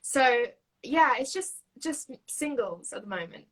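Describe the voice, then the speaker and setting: Giggling and using lots of fillers, a young singer-songwriter from Yorkshire chats casually in an interview, her Yorkshire accent clear. Her voice sits on the high side, very animated and a little slow, on a low-quality recording.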